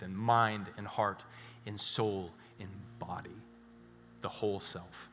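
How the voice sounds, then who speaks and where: Forceful male preacher in a reverberant hall. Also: lowish voice, steady tone, measured pace, a little hiss or hum. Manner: storytelling with sudden drops to hushed emphasis. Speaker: pastor. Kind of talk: sermon. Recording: reverberant hall with faint music.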